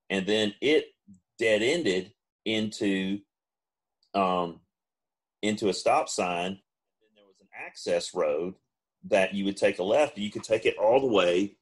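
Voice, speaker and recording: A man, co-hosting a podcast and telling a long funny story, now and then mimicking friends in high voices. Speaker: podcast co-host. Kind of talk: casual storytelling.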